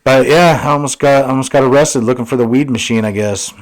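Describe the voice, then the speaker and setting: A man's voice: medium pitch, fairly quick, low-quality recording. A man from Washington State co-hosting a podcast, telling stories casually, acting out quotes and swearing freely. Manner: animated storyteller, acts out quotes, swears freely. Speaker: podcast co-host. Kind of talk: casual storytelling chat.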